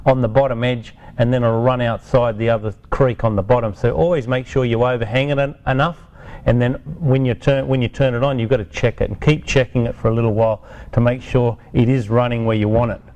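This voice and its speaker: On a hot day outside, a man walks through a product demo in a relaxed, hands-on way, chatting and correcting himself at each step. His mid-range voice is steady and a little mellow, and he talks slightly fast.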